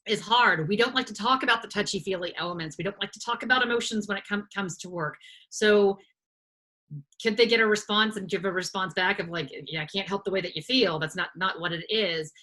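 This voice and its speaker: A woman presenting a workshop over a video call, her voice bright and forward. She talks loosely, with frequent fillers and repeated words as she gathers her thoughts. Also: medium pitch. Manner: hesitant, many restarts and fillers. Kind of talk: live webinar presentation.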